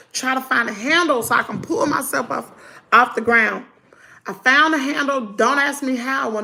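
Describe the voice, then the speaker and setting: A middle-aged woman, telling her viewers a story in a lively storytime chat. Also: high-pitched, creaky. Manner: animated, talks to viewers as y'all. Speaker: vlogger.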